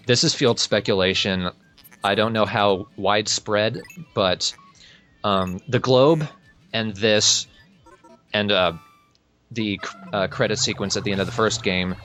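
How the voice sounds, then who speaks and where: Deep, bright-voiced nerdy co-commentator. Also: male voice, a little slow, faint music behind. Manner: nerdy, explains game lore and speculation with fillers. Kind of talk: casual game commentary.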